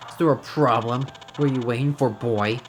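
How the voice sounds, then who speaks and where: A man voicing a cold, mocking middle-aged killer who speaks slowly and calmly. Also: mid-range voice, over music, lightly acted, low-quality recording. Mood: calm menace. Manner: slow, calm, mocking menace.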